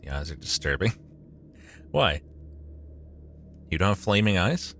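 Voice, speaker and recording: A man's voice: low voice, sing-song, slow, fairly bright tone, slight background noise. A young man streaming a game live, chatting with his viewers, swearing often and joking sarcastically.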